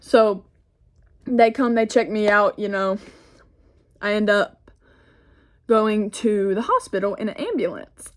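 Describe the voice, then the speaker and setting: A woman's voice: medium pitch, animated, slow pace, long pauses. Chatty teenage girl telling a story. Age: teens. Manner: chatty, rambling storytelling with frequent "like" and "y'all". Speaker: vlogger. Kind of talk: get-ready-with-me storytime. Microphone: phone camera.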